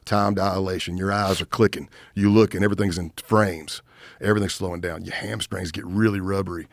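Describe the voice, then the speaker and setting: A middle-aged man with a fairly low voice tells a war story in casual conversation. He acts out the quotes of the people he met as he goes. The sound is close and dry, with no room around it. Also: no echo. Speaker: guest, retired FBI agent. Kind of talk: casual storytelling in podcast interview.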